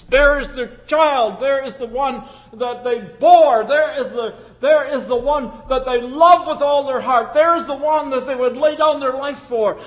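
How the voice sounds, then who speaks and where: A male pastor preaching a sermon with passion, swinging from loud declarations to hushed, intimate lines. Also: very high-pitched, measured pace, few pauses.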